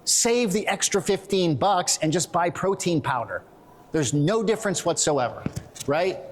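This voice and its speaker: A man's voice: high-pitched, animated, measured pace, a little hiss or hum. A middle-aged man giving a blunt, joking conference lecture on training and nutrition. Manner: blunt, joking, self-deprecating. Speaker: strength and conditioning coach. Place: conference hall stage.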